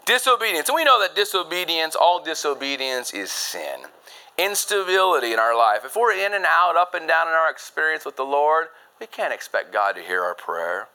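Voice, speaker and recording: A man preaching a sermon, emphatic, jumping from loud high points to low quiet asides, and reading scripture fast in old-fashioned phrasing. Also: sing-song, rough recording. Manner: reads scripture in fast King James phrasing.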